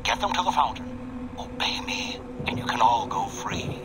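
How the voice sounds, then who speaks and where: An actor voicing a cold, commanding older man who gives hushed, stern orders in a game. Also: mid-range voice, big pitch swings, moderate pace, very noisy, natural voice.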